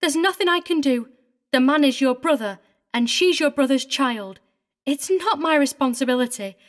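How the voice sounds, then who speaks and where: A woman's voice: high voice, expressive, normal speed. A woman voicing a prim, tearful older female governess who speaks with fussy, indignant precision. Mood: upset. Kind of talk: audiobook character reading.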